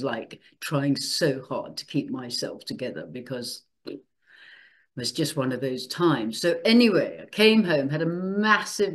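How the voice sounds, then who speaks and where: An older woman hosting her channel, chatting casually and emotionally, laughing often as she tells a personal story. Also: deep voice. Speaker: channel host.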